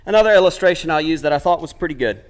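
A man's voice: a little high, expressive, rapid-fire. A man preaching a sermon, retelling a story with quoted speech and building to emphatic points.

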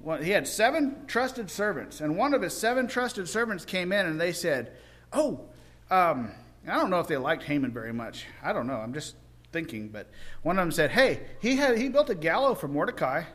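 A man with a high voice tells an old story in a loose, folksy way. He talks like he is chatting with friends and keeps jumping into the characters' voices. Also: lively intonation, normal speed, fairly bright tone. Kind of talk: informal Bible story retelling.

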